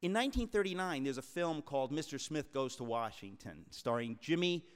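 Speaking to a live crowd he addresses as "folks," a New York tri-state author in his sixties preaches emphatically, in an animated, slightly fast manner. His pitch sits a bit above the typical male range, and big-hall reverb lingers on every word.

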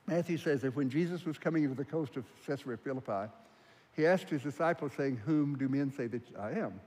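A man preaching a sermon, earnest and emphatic, stretching out the phrases he stresses. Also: fairly high pitch. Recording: long hall reverb.

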